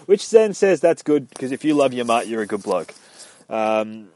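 A man's voice: mid-range voice, very animated, normal speed, a little mellow, no room sound. Rambling, foul-mouthed man retelling a game. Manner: rambling, profane, slips into quoted voices. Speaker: gamer recapping a story. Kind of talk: casual retelling of a game's story.

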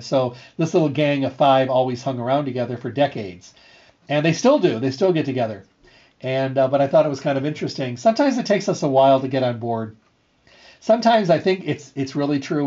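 Earnest middle-aged man telling a story. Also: mid-range voice. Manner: earnest, repetitive, animated storyteller. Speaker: radio show host and health food store owner. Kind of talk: casual storytelling monologue. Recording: slightly dull, lo-fi sound.

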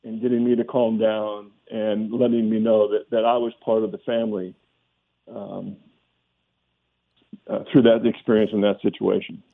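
An older man, a former pro football player, recalling a lesson from his coach in a halting, reflective way with many restarts. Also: lowish voice, little pitch movement, creaky. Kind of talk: storytelling in a phone interview. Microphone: phone. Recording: phone line.

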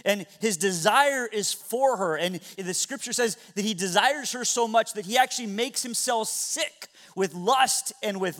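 Man pastor with a high voice, dramatic storyteller, sermon delivery. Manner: dramatic storytelling with sudden loud and soft swings.

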